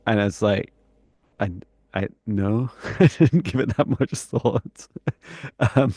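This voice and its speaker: A man co-hosting a live stream, talking in a relaxed, chatty way with small laughs. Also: on the low side, slow pace, breathy edge, no room sound, studio quality. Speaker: psychic mentor and co-host. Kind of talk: live-stream casual chat.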